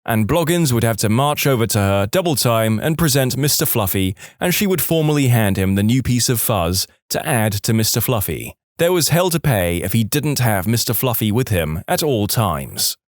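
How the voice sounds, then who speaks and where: A man reading online stories aloud in an animated storytelling way, recorded close on a studio mic. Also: medium pitch, normal speed, hardly any pauses, no echo. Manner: animated storytelling, switching into voices. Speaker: narrator.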